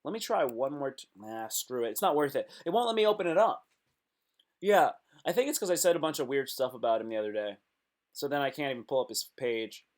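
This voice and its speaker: A man chatting casually on a live stream, reading comments and reacting with sudden loud outbursts. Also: medium pitch, fairly quick. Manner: animated, talks to himself and chat, sudden loud outbursts.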